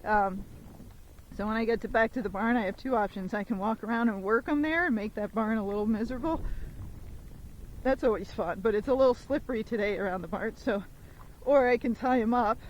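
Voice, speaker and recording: A woman horse trainer riding outdoors in the rain, explaining each move in a casual, chatty way and counting the gait beats aloud in a steady rhythm, recorded on a phone mic while she rides. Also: on the high side, a little fast, a little hiss or hum, rough recording. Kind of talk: instructional commentary while riding.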